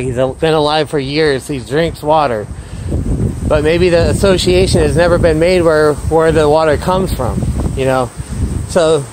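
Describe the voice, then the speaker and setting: A man's voice: on the high side, background noise. A man vlogging as a dog trainer, explaining his dogs' behaviour and calling out to them by name. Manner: upbeat, calls out to dogs between explanations. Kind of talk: casual vlog commentary. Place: outdoors in a yard with dogs.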